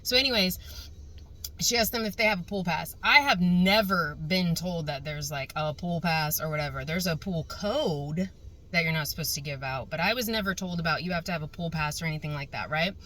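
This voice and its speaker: A young woman tells a story to her camera in an animated, exasperated rant, dropping swear words as she goes. Her voice is bright and forceful. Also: on the low side, fairly quick, rough recording. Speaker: vlogger.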